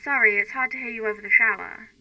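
A woman voicing a brisk female emergency dispatcher, clipped and businesslike. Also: on the high side, fairly even intonation, dry recording, highs cut off, natural voice.

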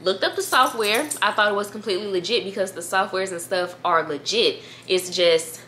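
A young woman in her twenties talking casually to camera as a YouTuber, chatty and animated, reading emails aloud and calling her viewers "girl.". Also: mid-range voice, normal speed, slight background noise. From United States. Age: 20s. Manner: reads emails aloud, trails off with "da, da, da".

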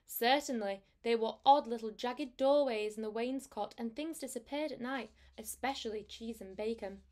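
A woman teacher reads a storybook aloud to her pupils, gentle and unhurried. Her voice sits a bit high for a woman. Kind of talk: reading a storybook aloud to a class.

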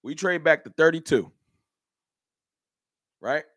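Man, livestream host, animated and slangy, higher voice, dry close sound. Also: takes it slowly, no echo. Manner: animated, slangy, talks to chat by name. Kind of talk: casual fan livestream talk. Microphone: streaming setup.

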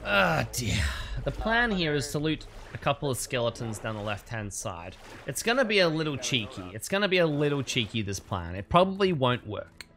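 A man's voice: mid-range voice, very animated, normal speed, pushed and bright. A man streaming a game, giving cheeky, scheming commentary with chuckling asides. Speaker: streamer playing a social deduction game. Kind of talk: gameplay commentary.

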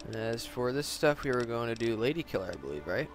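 A young man commenting on a video game into a headset mic at home, excitable and profane, sometimes bursting into yells. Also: medium pitch, fast, music in the background. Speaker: gaming commentator. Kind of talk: let's play commentary.

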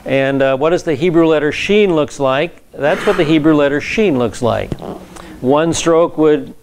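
A man's voice: on the high side, measured pace, darkish tone, slight background noise. A man, a pastor, teaching a Bible class in a conversational lecture style, with frequent fillers and repeated words.

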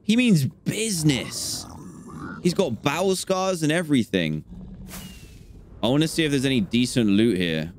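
A young man hosting a gaming channel, giving let's-play commentary and swinging between calm chatter and panicked yelps. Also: mid-range voice, measured pace, long pauses, slight background noise.

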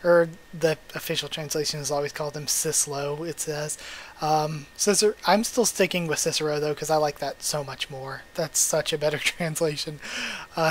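A man's voice: on the high side, normal speed, low-quality recording. A man hosting a manga readthrough, reading the dialogue aloud and breaking off for emotional, chatty asides.

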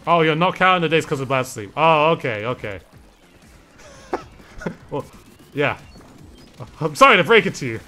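A young man chats through a live gameplay stream, slightly high-voiced and lively in pitch. He keeps laughing as he reads and answers his chat, and soft game music plays faintly behind him. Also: normal speed, long pauses.

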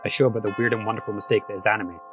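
A man hosting a casual podcast, chatty and quick to laugh, often restarting his sentences. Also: fairly low pitch, steady tone, a bit bright, soft background music. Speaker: podcast host.

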